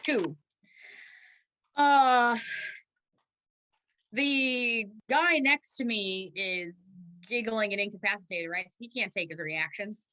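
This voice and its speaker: Slow-talking bright-voiced woman player. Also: mid-range voice, low-quality recording. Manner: drawn-out, laughs easily. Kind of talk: tabletop game chat.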